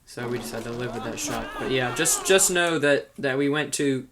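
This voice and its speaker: A man's voice: medium pitch, steady tone, fairly quick, background noise. Chatty man giving a director's commentary. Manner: chatty, laughs often, many restarts and "like". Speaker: video director and host.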